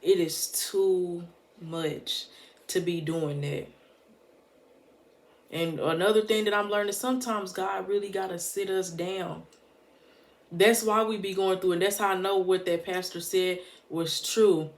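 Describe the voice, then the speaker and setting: A motivational vlogger speaks straight to the camera, heartfelt and preachy, often repeating points for emphasis in casual, street-smart phrasing. His delivery is emphatic, a little slow, with medium pitch and fairly even intonation.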